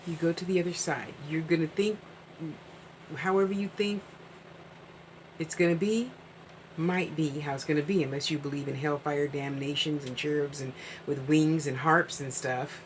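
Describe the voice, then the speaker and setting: A woman's voice: sits low, normal speed, slight background noise, poor audio. A woman hosting a live-streamed psychic reading, chatting casually and rambling with frequent asides.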